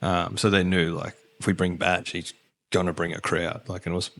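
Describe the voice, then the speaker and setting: A man's voice: deep voice, flat delivery, moderate pace, fairly bright tone. An Australian man, a guest on a podcast, telling blunt, swearing stories with laughs in a casual chat.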